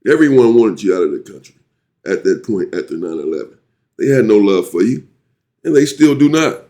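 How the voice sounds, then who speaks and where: A man hosting his own commentary channel, ranting indignantly and jumping to high exclamations. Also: darkish tone.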